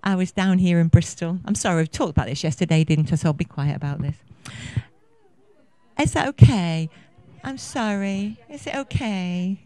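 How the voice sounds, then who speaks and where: A woman's voice: lowish voice, expressive, normal speed, warm tone, no room sound. A woman in her fifties giving a conference talk, effusive and passionate, rambling with many fillers. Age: 50s. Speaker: conference speaker. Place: conference venue.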